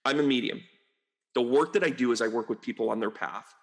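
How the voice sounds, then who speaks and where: Middle-aged American man, a medium, rambling casual monologue to camera, mid-pitched. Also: fairly quick. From United States. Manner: rambling, chatty, with frequent fillers and asides. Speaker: medium and astrologer.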